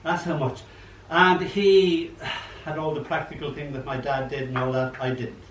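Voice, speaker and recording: Older poet, echoey and distant. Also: male voice, a little high, normal speed. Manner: chatty, animated storyteller who acts out quotes. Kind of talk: poetry reading at an open mic. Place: old library room. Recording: echoey room, mic far off, faint hum.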